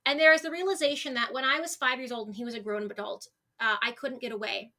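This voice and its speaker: A young woman in her twenties with a bright, ringing voice pitched a little high. She talks as a podcast guest, open and candid. She often stops and restarts her sentences as she speaks. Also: steady tone, quick pace. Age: 20s. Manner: open and emotional, frequent restarts. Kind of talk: candid conversational interview.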